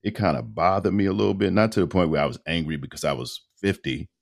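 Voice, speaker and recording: A man in his fifties, a radio host and voice-over artist, telling his story in a casual, animated interview with colloquial phrasing. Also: low-pitched, fast, vocal fry. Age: 50s.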